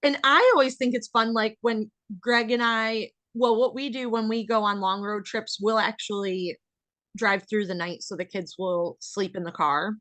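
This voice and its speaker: A woman's voice: mid-range voice, fairly even intonation, moderate pace, fairly bright tone, no room sound. Bubbly chatty woman podcast host. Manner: bubbly, chatty, laughs often. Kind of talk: casual interview chat.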